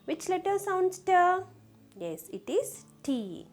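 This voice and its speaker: A woman leads a phonics lesson for children, sounding out letters one by one and checking in with the class. Her voice sits high and swings widely in pitch. She speaks slowly, with soft music faintly behind her. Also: sing-song. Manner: slow, sounding out letters and asking the class questions. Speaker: teacher.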